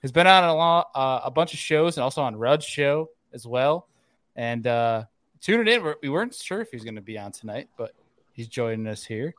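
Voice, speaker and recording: Male podcast host, bright, animated voice, upbeat. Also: medium pitch, a little fast, dry recording. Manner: upbeat, laughs often. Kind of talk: casual chat, introducing guests.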